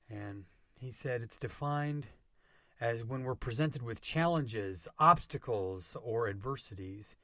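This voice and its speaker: An energetic man hosts a motivational podcast at a middle pitch. His delivery is emphatic, and he keeps coming back to his catchphrases. The sound is dry and close, with no room echo. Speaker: podcast host.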